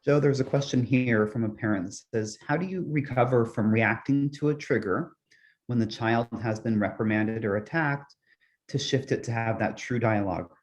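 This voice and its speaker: A man's voice: mid-range voice, normal speed. A man moderating an online talk, reading out a question from a parent. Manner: reads a parent's question aloud.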